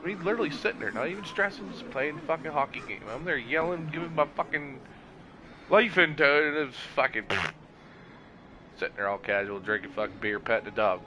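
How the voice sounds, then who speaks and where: A man chatting casually while gaming, swearing often and telling animated stories. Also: a little high, fairly quick, slight background noise. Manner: profane, animated storytelling.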